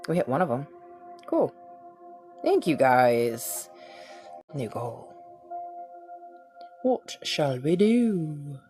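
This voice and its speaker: Low-voiced, effusive woman hosting a reiki livestream. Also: very animated, very slow, long pauses, warm tone, soft background music. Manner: effusive, affectionate and swearing freely. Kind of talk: casual livestream energy-healing session.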